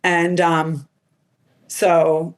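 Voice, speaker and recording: A middle-aged woman chatting as a podcast guest, her voice sitting a little low. She tells stories in a lively way, leans heavily on "like", and slips into other people's voices when she quotes them. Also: drawn-out words. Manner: animated, quotes people in put-on voices, lots of "like". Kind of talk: casual storytelling interview.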